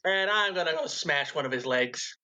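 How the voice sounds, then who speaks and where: A man's voice: a little high, animated, moderate pace, a crowd in the background. A man playing his character in a tabletop game, talking in a menacing, profane way. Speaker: player. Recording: muffled lo-fi mic.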